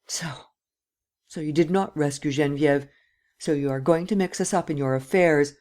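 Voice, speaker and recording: A woman's voice: deep voice, normal speed, darkish tone, close to an everyday voice. A woman reading an audiobook and voicing an elderly woman, protective and anxious, who pleads with a tremulous, sometimes whispered voice. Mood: alarmed.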